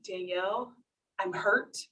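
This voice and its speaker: A stern, hurt middle-aged mother who pleads in a low, hushed voice, as her daughter puts her on during a live talk. The voice is fairly high, and it is picked up by a mic some way off at an event. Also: moderate pace, distant mic, natural voice. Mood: hushed urgent.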